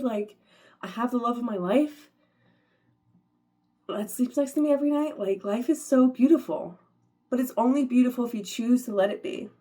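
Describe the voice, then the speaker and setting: A woman's voice: fairly high pitch, a little mellow. Chatty upbeat woman vlogger. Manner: chatty, upbeat, many "like" fillers, laughs often. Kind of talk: casual motivational talk to camera.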